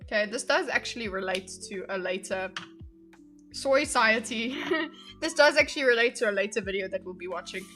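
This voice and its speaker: A woman's voice: medium pitch, lively intonation, brisk, fairly bright tone, faint music behind. A woman streamer chatting casually and giggling as she reacts to videos with her viewers. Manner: giggly, chatty, talks to her chat while drawing a diagram. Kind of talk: casual reaction livestream chat.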